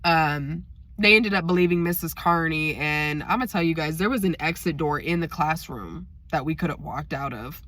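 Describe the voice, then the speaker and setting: A woman's voice: low-pitched, normal speed. Chatty woman telling a storytime. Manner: direct, animated, chatty. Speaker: vlogger. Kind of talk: casual storytime.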